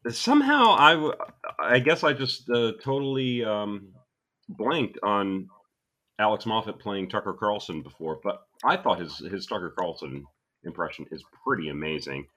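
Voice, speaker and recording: A man co-hosting a casual comedy podcast, talking in a deadpan, sarcastic way. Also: lowish voice, moderate pace. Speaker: podcast co-host.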